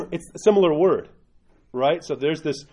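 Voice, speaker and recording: A man's voice: fairly high pitch, unhurried, mellow. A man who is an Orthodox priest, teaching in a loose conversational way and often checking in with "right?". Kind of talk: informal teaching talk.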